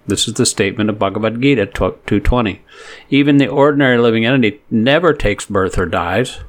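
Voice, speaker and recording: A man reading verses aloud, chanting them slowly, then reading word meanings, translation and commentary with some halting and self-correction. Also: lowish voice. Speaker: scripture reader.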